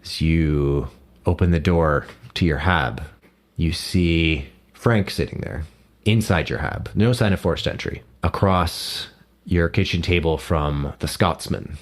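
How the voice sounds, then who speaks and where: A man narrating as game master of a tabletop game, casual and full of small self-corrections. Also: rumbling low.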